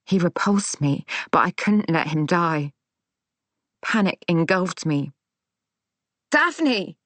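A woman narrating a first-person audiobook in a measured, tense, dramatic way. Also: sits low, fairly bright tone, no room sound.

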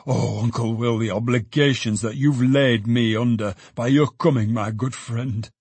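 A man's voice: mid-range voice, measured pace, husky, no room sound. A man voicing an overjoyed old father. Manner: excited, fond and laughing. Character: older man, overjoyed excitable father, a porter. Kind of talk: audiobook character reading.

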